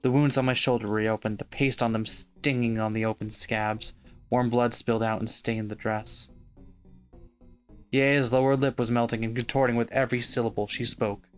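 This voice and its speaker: A man co-hosting a let's-play, reading the narration of a visual novel aloud in an expressive way. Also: medium pitch, moderate pace, clear, resonant tone, faint music behind. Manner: expressive narration with swearing asides. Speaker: podcast co-host.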